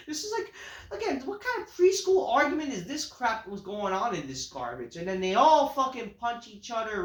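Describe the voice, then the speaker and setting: A man with a fairly high voice rants through a wrestling show review, swearing often and brushing things off with a bored, dismissive tone. His talk is loose and full of filler words. The recording has a roomy echo. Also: a bit bright. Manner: profane, dismissive, filler-heavy. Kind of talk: casual ranting review. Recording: echoey room.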